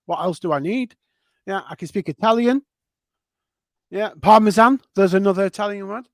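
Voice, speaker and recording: A man co-hosting a podcast, his voice high for a man. He drops in jokey, quick interjections. The recording sounds dry and close. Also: dry recording. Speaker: podcast co-host. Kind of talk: casual political chat.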